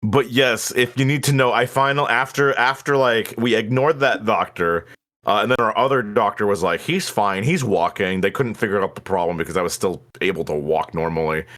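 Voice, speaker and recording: A man's voice: lowish voice, brisk, fairly bright tone. A man on a livestream, chatting casually and telling stories, laughing often and swearing freely. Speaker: guest on a live stream. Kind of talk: casual chat and storytelling.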